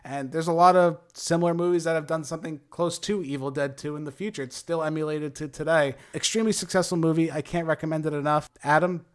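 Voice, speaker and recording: A man's voice: on the high side, steady tone, fast, hardly any pauses, smooth. A young man co-hosting a casual movie review chat, talking with enthusiasm and now and then slipping into a showy announcer tone. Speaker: movie review show co-host.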